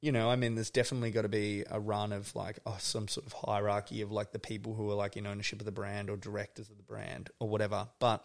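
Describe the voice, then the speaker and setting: Low-voiced chatty man. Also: level tone, quick pace, creaky, hardly any pauses. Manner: loose and chatty, with many "like" fillers. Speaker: podcast guest. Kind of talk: casual chat.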